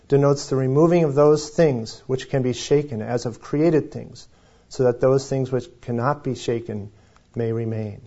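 An older male pastor preaches in a conversational, folksy way, mixing jokes with scripture. His voice sits at a middle pitch. The recording sounds somewhat dull and lo-fi. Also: normal speed, dark tone. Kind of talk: sermon.

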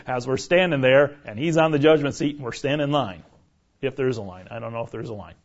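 A man's voice: medium pitch, fast. A man teaching a conversational sermon, asking his listeners questions and checking in with "right?" as he goes. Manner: chatty, keeps asking the room "right?". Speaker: pastor teaching a Bible study. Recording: dull lo-fi recording.

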